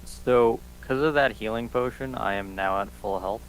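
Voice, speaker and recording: A man's voice: mid-range voice, moderate pace, slight background noise, rough recording. A man playing in a tabletop game, casual and matter-of-fact. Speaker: player.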